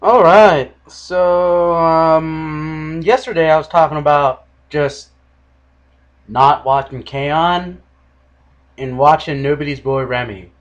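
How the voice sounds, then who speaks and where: Animated young man ranting on a podcast. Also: fairly high pitch, takes it slowly, muffled recording. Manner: animated, exaggerated mock quotes. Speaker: podcast host. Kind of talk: casual solo podcast rant.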